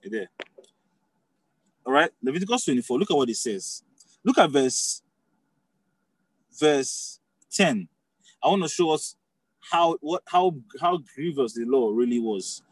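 A man's voice: medium pitch, expressive, measured pace, pauses often, husky, no echo, low-quality recording. A man preaching a sermon in a conversational teaching style, often restarting phrases and checking that listeners follow.

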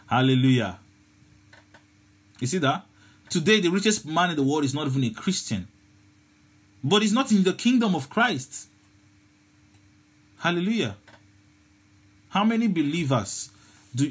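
Male preacher, husky and a little high, fervent, restless delivery full of repeats. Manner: fervent, repeats words and stumbles over them. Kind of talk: sermon.

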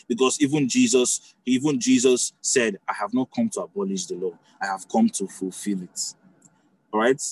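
A man's voice: medium pitch, husky, no echo, rough recording. A man preaching a sermon in a conversational teaching style, often restarting phrases and checking that listeners follow.

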